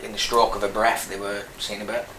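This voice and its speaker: A man in his thirties from Burnley, northern England, speaks with a Lancashire accent in a fairly low, sharp voice with little pitch movement, a little fast. An army veteran guest in a casual interview, he tells his story frankly, rambling with many restarts. The room is echoey with faint noise.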